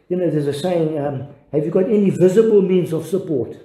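Earnest older pastor in an echoey room. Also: male voice, a little high, dark tone. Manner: earnest, halting with repeated restarts. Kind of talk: devotional sermon.

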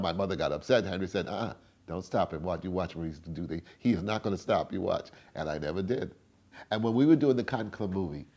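In a storytelling interview, an older tap dancer recounts his past in a husky, mellow voice. He acts out the people he quotes with big swings, his pitch rising high and loud and then dropping low and soft.

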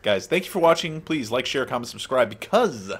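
A man's voice: medium pitch, lively intonation, brisk, fairly bright tone, husky. A tired man co-hosting a let's play, joking around and swearing casually. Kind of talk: casual gameplay chat.

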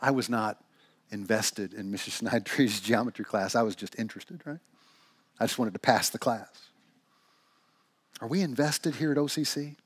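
A man's voice: mid-range voice, normal speed, long pauses, husky, no echo. A man preaching a sermon in church, telling stories and asking rhetorical questions. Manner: animated storytelling with rhetorical questions. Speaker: pastor.

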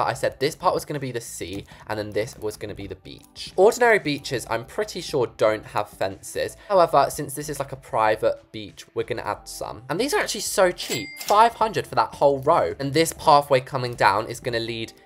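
A young woman with an English accent, chatting casually in a bubbly, expressive way while commenting on her game build. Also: rumbling low. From England. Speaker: gaming YouTuber.

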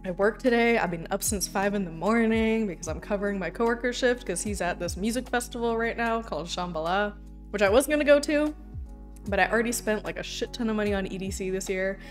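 A woman's voice: mid-range voice, fairly quick, faint music behind. A woman chatting casually on a livestream, rambling from topic to topic and swearing freely. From Canada.

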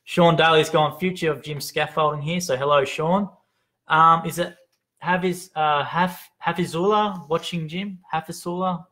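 A man's voice: on the high side, fairly even intonation, normal speed, pushed and bright. A man co-hosting a live stream from an office desk, cheerfully reading out viewer comments and names, sometimes stumbling over how to pronounce them. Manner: upbeat, reads names aloud, stumbles on pronunciations. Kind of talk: casual live-stream chat. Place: open-plan head office.

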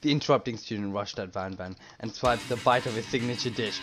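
A man reading a dating game aloud in soft, dramatic narration. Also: lowish voice, fast talker. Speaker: game reader. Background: music.

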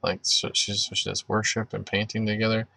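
A man hosting a livestream, praying and then chatting with viewers, halting with many fillers and restarts. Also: on the low side, little pitch movement, gravelly, very noisy. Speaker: livestream host. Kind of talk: closing prayer and live chat with viewers.

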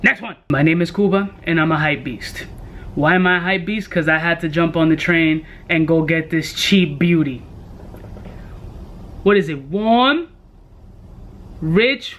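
A man's voice: high voice, fairly bright tone. A young man casually reviewing fragrances in a brash, joking way, full of profane street slang. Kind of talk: casual product review vlog.

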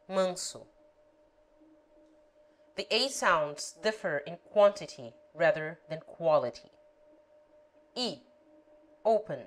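A woman reading a language lesson aloud, spelling out letters and example words one at a time. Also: on the low side. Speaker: language teacher.

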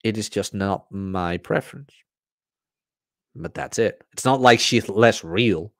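Man, podcast host, blunt, profane, animated pitch. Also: slow pace, creaky, no echo, studio quality. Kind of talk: casual monologue.

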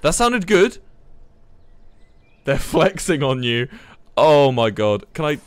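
A young man, commentating a live game stream in a flustered, excitable way, swearing and laughing. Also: a little high, takes it slowly, clear, resonant tone, dry recording. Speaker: livestreamer.

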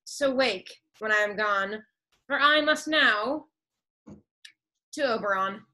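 Cast: woman as a sprightly fairy, high and bright, unhurried verse, video call. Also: poor audio. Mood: mischievous. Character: mischievous fairy servant, nimble. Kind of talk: Shakespeare verse reading.

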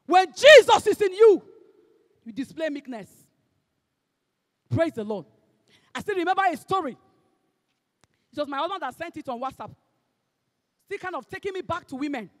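A woman with a Nigerian accent and a high voice preaches a sermon, emphatic and fervent, swinging from shouted exhortation to hushed asides and slipping into Pidgin phrases. A long reverb tail trails her words.

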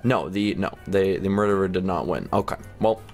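A young man giving excited commentary on his own gameplay, sick with a headache, jumping into sudden high shouts. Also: normal speed, faint music behind. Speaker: gaming YouTuber.

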